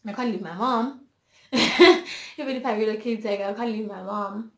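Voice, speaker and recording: A young woman vlogger with a Zulu-inflected South African accent tells a candid, emotional personal story, switching between English and Zulu. Her voice sits in the mid range at a normal speed, and the room gives it a noticeable echo.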